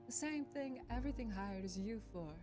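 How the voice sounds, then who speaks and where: Woman doing a French-accented witch, calm, formal, coolly polite, menacing, game music behind. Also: fairly high pitch, normal speed, natural voice. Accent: put-on French.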